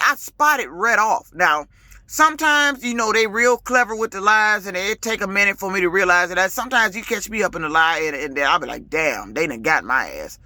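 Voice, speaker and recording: A woman's voice: medium pitch, sharp tone, no echo, clean studio sound. A woman truck driver ranting casually to her vlog audience, emphatic and authoritative, her voice rising and getting heated, with colloquial talk and repeated words. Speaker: lease-purchase truck driver.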